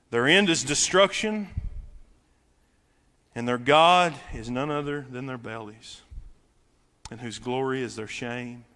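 A man preaching a sermon as pastor in a church sanctuary, swinging from shouting to a quiet, intimate near-whisper. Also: mid-range voice, in a large hall.

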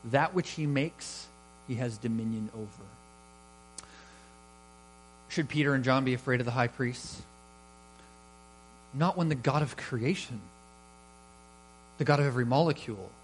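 A man's voice: mid-range voice, a little hiss or hum, rough recording. A man preaching a sermon, building emphasis and rising in volume on key words. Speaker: pastor.

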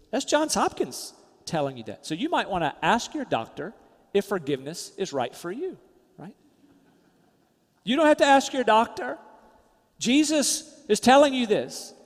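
A man preaching a sermon as pastor, emphatic, rising loud then dropping to quiet, soft asides. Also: high-pitched, very animated, normal speed, pauses often, long reverb tail.

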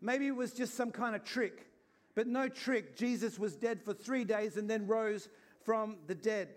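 A man's voice: sits high, measured pace. A man preaching an Easter sermon in an earnest, conversational way, acting out little scenes as he goes. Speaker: pastor.

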